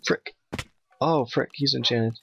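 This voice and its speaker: A man giving nervous, excitable let's play commentary, talking to his in-game dog. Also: mid-range voice, takes it slowly, gravelly, noisy background. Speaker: gamer playing a Minecraft map. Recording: dull, dry home mic.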